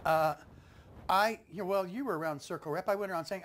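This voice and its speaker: A man, a playwright being interviewed, answers quickly in tumbling, self-deprecating phrases. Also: high-pitched, a bit bright, slight background noise.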